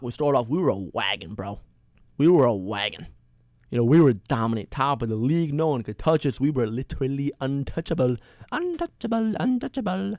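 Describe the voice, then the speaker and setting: A young male sports podcast host with a mid-range voice vents as a fired-up fan in a casual rant. Wearing headphones on a close mic, he sounds dry and close, swinging heatedly and with exasperation between loud complaints and mumbled asides.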